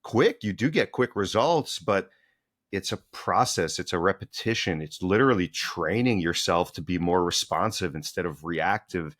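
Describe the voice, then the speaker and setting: A man's voice: sits low, expressive, normal speed, a bit bright, no echo, clean studio sound. A man, a mindfulness coach, speaking as a podcast guest in an earnest, upbeat coaching manner. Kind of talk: casual interview chat.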